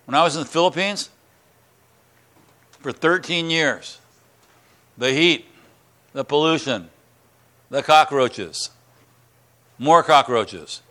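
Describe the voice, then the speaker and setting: A middle-aged man preaching a sermon in church, earnest and emphatic, repeating words and rising in pitch on key lines. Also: expressive, slow, long pauses, sharp tone. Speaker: pastor. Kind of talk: sermon and prayer.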